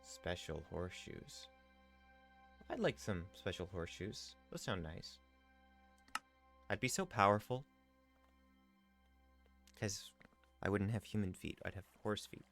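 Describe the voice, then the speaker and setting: A man's voice: on the low side, big pitch swings, a little slow, long pauses, fairly bright tone, soft background music. A man streaming a game live, chatting casually, reading viewer messages aloud and slipping in and out of a playful role-play. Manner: playful, rambling, reads chat messages aloud.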